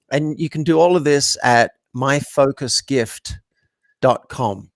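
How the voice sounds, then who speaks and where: Man, coach guest, reflective storyteller, acts out quotes, middle-pitched, dry close sound. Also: slow pace, dry recording. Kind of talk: conversational interview.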